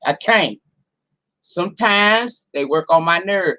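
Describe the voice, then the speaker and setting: Hoarse, sassy woman host with a cold. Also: lowish voice, animated, takes it slowly, pushed and bright. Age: 40s. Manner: sassy, profane, talks straight to the chat. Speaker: livestream host. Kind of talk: casual live-stream chat. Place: her home.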